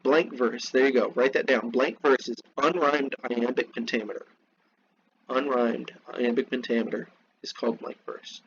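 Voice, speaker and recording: A man teaching a literature class, reading from a text and breaking off into slow, repeated explanations and asides to his students. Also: mid-range voice, fairly even intonation, fairly bright tone, dull audio, a little hiss or hum. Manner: slows down to spell out terms, asides to students.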